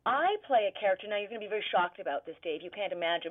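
An animated woman, a stage actor, chats in a radio interview, laughing often and stopping to search for the right word. Her voice sits at a middle pitch and comes through a narrow, phone-like band. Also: very fast, hardly any pauses. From Canada. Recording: tinny phone-line sound.

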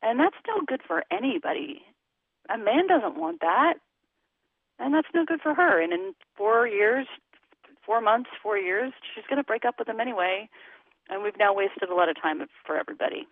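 A woman's voice: fairly high pitch, big pitch swings, normal speed, dry recording. Frank woman coach on a tinny phone line. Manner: frank and emphatic, talks candidly about sex. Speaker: relationship coach. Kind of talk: interview over a phone line.

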